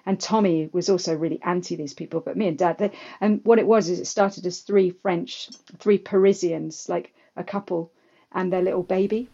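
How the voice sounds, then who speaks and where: Woman guest, low-ish voice, lively anecdotal storyteller, slightly dull lo-fi sound. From England, London. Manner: lively, anecdotal, quick asides. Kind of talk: casual storytelling interview.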